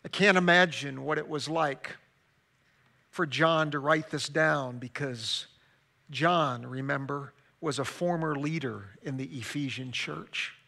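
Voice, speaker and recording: A male pastor preaching a sermon dramatically, swinging from loud emphasis to hushed, quiet stretches. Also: fairly high pitch, a little slow, creaky.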